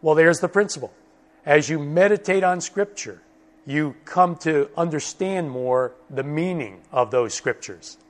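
A man teaching a Bible study lesson, slow and emphatic, repeating key words for stress. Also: fairly high pitch. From United States.

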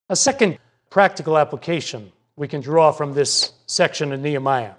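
A man preaching a sermon as pastor, measured and repeating his key points for emphasis. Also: fairly high pitch.

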